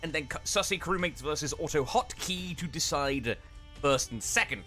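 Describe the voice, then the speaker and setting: A man casting a gaming tournament stream, quick and animated in casual banter. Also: on the high side, soft background music. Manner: quick, animated, laughs often. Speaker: caster.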